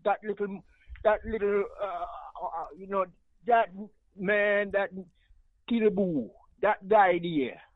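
A man's voice: high voice, slow, no room sound. A Jamaican man calling in to a radio talk show, speaking in a passionate, rambling patois over a phone line. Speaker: caller.

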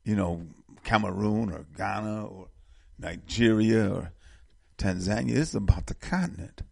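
Man, gravelly husky voice, dry close sound, impassioned political talk. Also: fairly low pitch, a little slow, mellow, no echo. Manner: impassioned, repeats words when fired up.

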